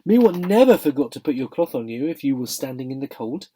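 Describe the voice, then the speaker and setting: A man voicing a blunt, working-class London cab driver who talks plainly and loudly. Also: medium pitch, normal speed, lightly acted. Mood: earnest. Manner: blunt, chatty, dropped grammar.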